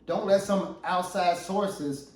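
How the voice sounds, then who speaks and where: A man co-hosting a casual ministry talk show, an animated storyteller who often repeats and restarts his words. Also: high voice, slow pace. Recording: echoey room, voice from far off.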